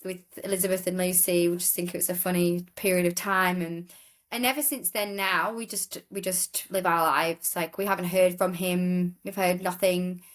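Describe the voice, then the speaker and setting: A woman's voice: fairly low pitch, steady tone, moderate pace. A woman from England, a guest telling stories in a casual interview, rambling, with restarts and acting out other people's voices.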